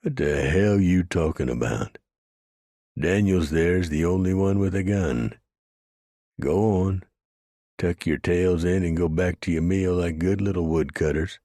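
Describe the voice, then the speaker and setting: A man's voice: low-pitched, unhurried, mellow, no echo, studio quality, voice pushed up. A man doing a sneering ruthless outlaw. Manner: sneering, contemptuous. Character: swaggering, ruthless male outlaw gang member.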